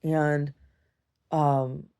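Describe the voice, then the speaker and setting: Young woman, deep gravelly voice, rambling casual vlog confession. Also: flat delivery, extremely slow, mellow. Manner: meandering, many restarts and "like"s, swears casually. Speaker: video diarist. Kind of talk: rambling personal video diary.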